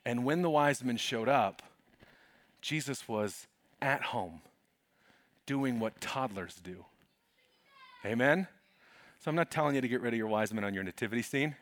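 A man pastor preaching a sermon in an animated, humorous way, calling out to the congregation. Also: mid-range voice, normal speed, long pauses, dry recording.

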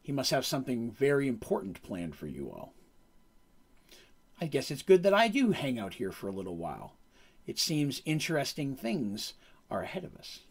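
A man voicing an eerie, powerful sorceress who speaks low, quiet and knowing. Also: huge pitch swings, normal speed. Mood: cryptic. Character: eerie powerful woman sorceress, cryptic and aloof.

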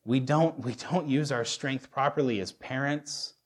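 This man from the United States, in his thirties, speaks a little slowly in a mid-range voice. Delivering a sermon as a pastor, he comes across as frank and self-mocking, often starting sentences over.

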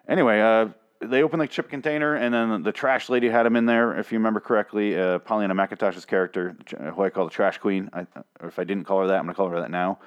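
A man reviewing a TV episode in a sarcastic, profane, rambling rant. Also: lowish voice. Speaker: TV show reviewer.

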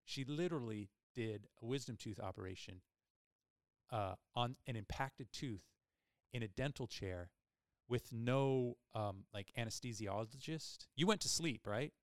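A man hosting a podcast, telling a long personal story in a casual, animated way with many fillers. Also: mid-range voice, a little slow, clean tone, no room sound, clean studio sound. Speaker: podcast host.

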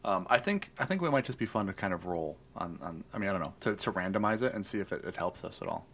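A man's voice: low-pitched, animated, fast, a bit bright, slightly rough. A man hosting a casual podcast chat, easygoing and a little hesitant as he guides a character build. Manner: easygoing, hesitant, many restarts. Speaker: podcast host guiding character creation. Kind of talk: casual chat about tabletop game planning.

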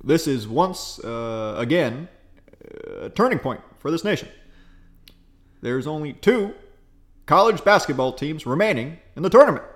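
A man doing an impression of a former US president, speaking in a slow, measured presidential cadence. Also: fairly high pitch, expressive, a bit bright. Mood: solemn.

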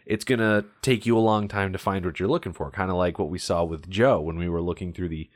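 A man's voice: low voice, fairly even intonation, fast, dry recording, clean studio sound. A man co-hosting a podcast, explaining things in a casual film discussion and sometimes reading aloud. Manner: explanatory, reads aloud at times. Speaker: podcast co-host.

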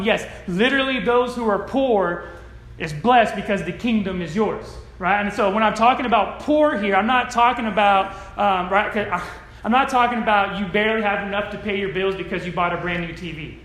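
A male pastor from California delivers a casual sermon with a high, light voice. He keeps it conversational and checks in with his listeners constantly. The room rings with echo around him. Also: fairly bright tone. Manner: conversational, tag questions "right?" often. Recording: echoey room.

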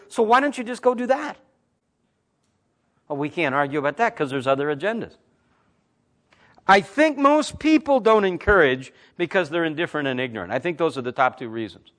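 A man in his fifties, a Christian talk host, telling stories and preaching in a blunt, emphatic, animated way. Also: high-pitched. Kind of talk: conversational preaching with storytelling.

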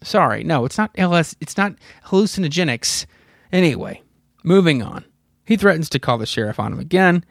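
A man's voice: on the high side, lively intonation, fairly quick, creaky, dry recording, clean studio sound. A man in his thirties hosting a podcast, casually retelling a comic story with rambling, profane asides and chuckles. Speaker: podcast host. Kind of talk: casual comic book recap.

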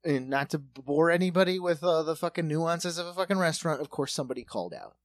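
A man's voice: fairly high pitch, lively intonation, quick pace, dry recording. Profane ranting man telling a story. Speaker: restaurant server and bartender. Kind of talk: casual podcast chat.

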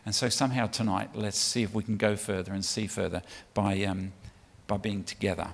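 On the low side and creaky, this flat-sounding voice moves a little fast. It belongs to a middle-aged man from England giving a chatty sermon talk, full of ums and restarts, to a church congregation as guest speaker for a child sponsorship charity, with the long reverb of a large church hall.

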